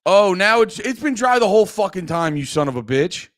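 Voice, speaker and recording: A man's voice: high voice, big pitch swings, fairly quick, no echo, studio quality. A man streaming live, chatting casually and brashly teasing his viewers, swearing often. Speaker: livestreamer. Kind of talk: casual livestream chat. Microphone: close desk mic.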